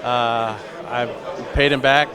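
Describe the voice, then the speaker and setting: A man recalling a longtime friend in a hesitant, grateful way with many pauses and ums. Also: medium pitch, steady tone. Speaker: party guest sharing memories. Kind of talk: casual spoken tribute. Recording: busy crowd noise behind.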